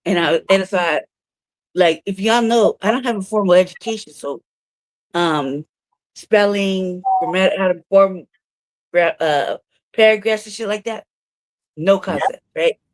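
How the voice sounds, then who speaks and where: Woman cussing and laughing through a story, dry close sound, middle pitch. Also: a little slow, pauses often, no room sound. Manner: profane storyteller, laughs often. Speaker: co-host of a news talk show. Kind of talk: casual chat. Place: her own room.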